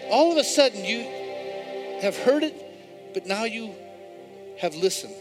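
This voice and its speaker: A male pastor preaching a sermon in a church, swinging between hushed, intimate passages and loud, repeated calls to the congregation. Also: high-pitched, animated, measured pace, over music. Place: church sanctuary.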